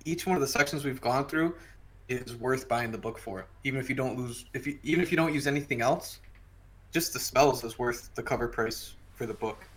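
A man co-hosting a podcast, explaining game rules in a relaxed way with the odd dry joke. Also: mid-range voice, brisk. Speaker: podcast co-host. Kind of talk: casual chat reviewing a game book.

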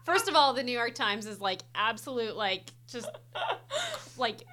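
A woman's voice: on the high side, animated, measured pace, pushed and bright. A young woman co-hosting a podcast, reacting with exclamations and casual asides. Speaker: podcast co-host. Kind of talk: casual chat.

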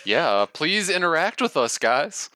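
A man co-hosting a podcast in casual chat, calm and earnest. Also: fairly high pitch, a little slow, dry recording, studio quality. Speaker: podcast co-host.

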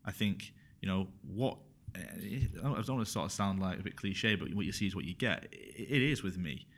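A man with a low, deep voice talks openly in a casual podcast conversation. He is frank and emotional and tends to repeat phrases as he thinks aloud. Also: lively intonation, fairly quick, gravelly.

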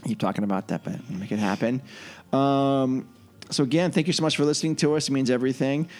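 A man hosts a relaxed podcast in an easygoing, rambling way. His voice sits at an average pitch, with frequent ums and restarts. Faint music plays underneath. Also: quick pace. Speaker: podcast host. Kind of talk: casual chat.

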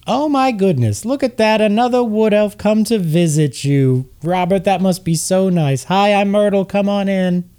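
A man's voice: moderate pace, few pauses, dark tone, smooth, natural voice. Man doing a bubbly chatty woman receptionist. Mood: gushing. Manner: bubbly, gushing, high and sing-song.

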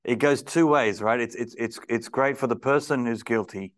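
A man's voice: medium pitch, moderate pace. Male interview host, mid-range voice, affirming, stammering repeats. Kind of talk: conversational interview.

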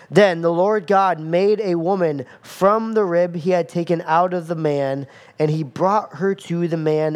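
A man preaching a sermon as pastor, animated, acting out scenes with playful asides. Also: sits high.

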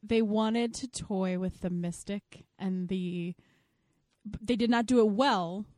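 A woman co-hosting a casual movie review podcast, making unhurried remarks. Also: medium pitch, a little mellow, no room sound, studio quality. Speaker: podcast co-host.

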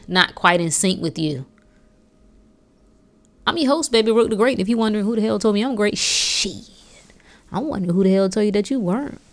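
A woman's voice: medium pitch, fairly bright tone. Woman podcast host, casual and preachy, slangy, lots of rhetorical questions. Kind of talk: casual motivational podcast talk.

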